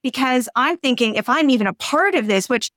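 A middle-aged woman talking frankly and earnestly as a guest on a podcast interview, going on at length and rising high when exasperated. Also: lively intonation, a little fast, a bit bright, no room sound.

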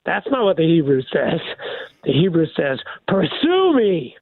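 Older male pastor, guest by phone, high gravelly voice, animated preacher's delivery. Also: normal speed, no echo. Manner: animated, preacherly, many restarts. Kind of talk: devotional radio talk. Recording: tinny phone line.

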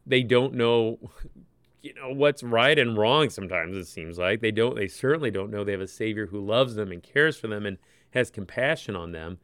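A man co-hosts a Bible discussion, musing in a thoughtful, gentle way with casual fillers. His lower voice is smooth and resonant, and the recording is dry and close with no room sound. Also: no echo. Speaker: co-host.

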